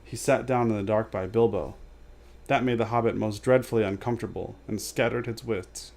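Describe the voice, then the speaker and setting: A man reading a storybook aloud as a storyteller, steady and measured, with offhand asides. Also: fairly low pitch, gravelly.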